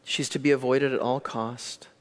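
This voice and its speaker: A man preaching a sermon, telling the story in an animated way that swings between hushed and excited. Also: medium pitch, normal speed. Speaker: pastor. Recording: long hall reverb.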